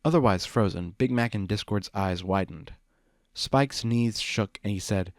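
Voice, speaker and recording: A man's voice: fairly low pitch, a little slow, no room sound. Man narrating a story, dry sound. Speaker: reader. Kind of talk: reading fan fiction aloud.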